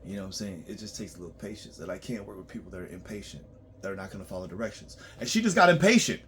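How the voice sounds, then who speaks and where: A man working as a tax preparer, ranting bluntly and profanely in a monologue, swinging between loud outbursts and low muttering. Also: expressive, rapid-fire, a little hiss or hum.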